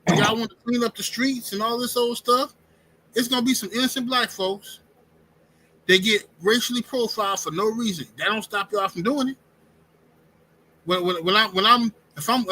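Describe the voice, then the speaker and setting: A man hosting a live-streamed talk show, speaking in an animated, emphatic way, often restarting sentences. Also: very high-pitched, normal speed, slight background noise, poor audio. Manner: animated, emphatic, repeats words and restarts, says "bro" and "fam". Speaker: podcast host. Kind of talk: casual opinionated live-stream chat.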